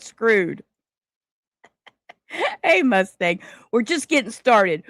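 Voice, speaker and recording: A woman's voice: medium pitch, very animated, extremely slow, pauses often, fairly bright tone, dry recording, studio quality. A woman hosting a live stream in casual chat, rambling and losing her words. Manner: scattered, rambling, self-interrupting. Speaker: livestream host.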